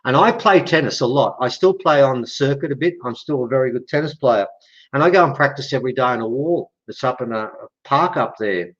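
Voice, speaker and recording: A man's voice: mid-range voice, brisk. Australian man telling a story on a dull recording. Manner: retells dialogues with lively voiced quotes. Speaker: guest. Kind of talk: animated storytelling in conversation.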